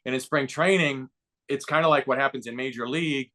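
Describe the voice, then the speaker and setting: A man in his fifties, a baseball broadcaster and former player, tells stories as a podcast guest, acting out quotes with growing excitement. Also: medium pitch, a little fast. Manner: lively anecdote-telling with voiced quotes and rising excitement. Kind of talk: casual storytelling interview.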